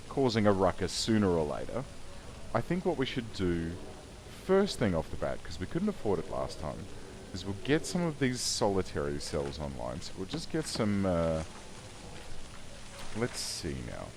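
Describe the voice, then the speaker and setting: Low-pitched, lively male let's player, wry and chatty, faint background noise. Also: normal speed. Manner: wry, chatty, self-correcting. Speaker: gaming YouTuber. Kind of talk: let's play commentary.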